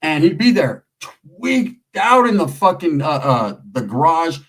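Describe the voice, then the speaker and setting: Husky-voiced man telling street stories. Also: on the high side, a little slow, low-quality recording. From Merced area, California. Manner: streetwise slang, profane, animated. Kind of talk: casual storytelling.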